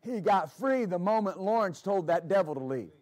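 A high-voiced man delivers a sermon as a pastor. He repeats key phrases for emphasis and slips into storytelling with fillers. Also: expressive, normal speed, a little mellow. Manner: preaching with emphatic repetition.

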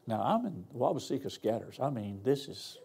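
Folksy older preacher, mellow voice. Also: male voice, mid-range voice, very animated, normal speed, creaky, slightly rough. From Arkansas. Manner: folksy, humorous, conversational. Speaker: guest pastor. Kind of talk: sermon with folksy storytelling. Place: church.

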